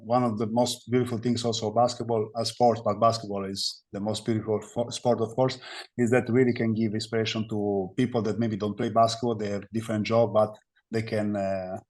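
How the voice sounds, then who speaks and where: A man with an Italian accent, speaking English as a second language as a guest on a podcast. His voice sits a little low, and he talks in halting phrases, filling gaps with "uh" and "um" while he reaches for the right word. His answers are thoughtful and reflective. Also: level tone, a little mellow. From Italy. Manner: halting, searching for words with many fillers. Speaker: guest, basketball player.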